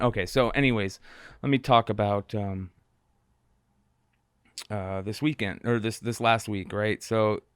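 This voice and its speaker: A man as a podcast guest in casual chat, speaking haltingly with many fillers and restarts. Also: fairly low pitch, clear, resonant tone, no echo, studio quality.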